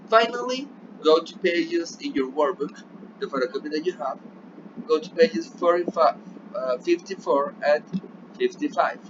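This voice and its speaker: The clip is a dull, low-quality recording of a remote English class, with audible noise in the background. The teacher is a man with a Colombian Spanish accent and a somewhat high voice for a male. He alternates between English and Spanish and often pauses with "yeah?" to check that students are following.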